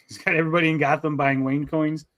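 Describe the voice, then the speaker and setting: Male host, slightly high pitch. Reads pitch copy aloud, keeps cutting in with crude jokes. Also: little pitch movement, quick pace, fairly bright tone. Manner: reads promo text then breaks into crude joking asides. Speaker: livestream show host. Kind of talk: casual livestream chat, reading a crowdfunding pitch aloud.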